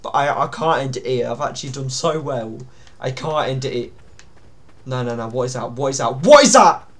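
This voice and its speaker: A man's voice: mid-range voice, fairly even intonation, moderate pace. A young man, commenting on a horror game in a panicky, pleading way, with yelps and nervous laughs. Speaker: gaming YouTuber.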